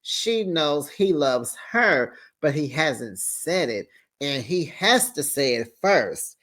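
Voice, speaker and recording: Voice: mid-range voice, very animated, takes it slowly, a bit bright. A host recapping a reality TV episode in a casual, chatty way, acting out what the cast said and throwing in sassy asides to the viewer. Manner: dramatic storyteller who acts out cast members' lines and laughs often; sassy, talks straight to the viewer.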